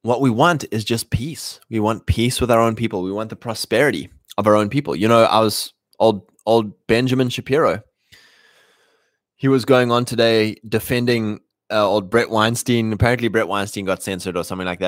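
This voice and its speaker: A man's voice: on the low side, fairly quick, dry recording, clean studio sound. A man hosting a podcast, talking in a casual, rambling monologue with many restarts and mocking put-on voices.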